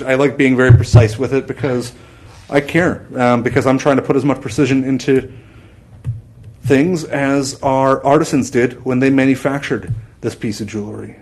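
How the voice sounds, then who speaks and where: A man's voice: medium pitch, steady tone, normal speed, darkish tone, reverberant. A man hosting a live jewelry sales stream, rambling and chatty, often breaking off his own sentences and laughing. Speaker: shopping channel jewelry host. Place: studio set with a TV screen behind.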